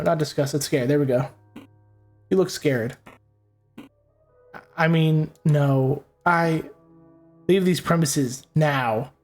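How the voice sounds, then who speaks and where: A young man talks loosely through a horror game as he plays, circling back on his thoughts and cursing freely. His voice sits slightly high, with soft game music underneath. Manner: casual, rambling, swears freely. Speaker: gaming host. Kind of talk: let's play commentary.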